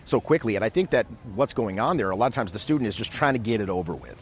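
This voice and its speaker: Low-voiced man coaching outdoors. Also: a little hiss or hum. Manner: animated, acts out quick scenes. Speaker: dating coach. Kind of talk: casual instructional talk. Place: outdoors in a city.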